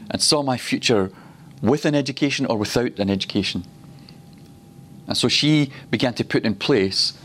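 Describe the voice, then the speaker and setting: At a ministry school, a man from Glasgow, Scotland preaches a teaching sermon in a mid-range, slightly bright voice, with a little background noise. He tells stories and repeats words slowly for emphasis.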